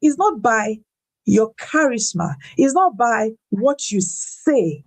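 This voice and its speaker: Woman, faith testimony, preacherly, pitch swings high when emphatic, repeats words. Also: sing-song, slow pace. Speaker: guest speaker. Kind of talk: faith-based personal testimony.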